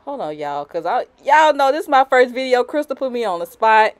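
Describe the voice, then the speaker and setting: A young woman with a fairly high, very animated voice speaks a little fast in an unscripted voiceover for a wig install tutorial. Her chatty slang is full of "you know" and "y'all," and she keeps breaking off to giggle and apologize nervously.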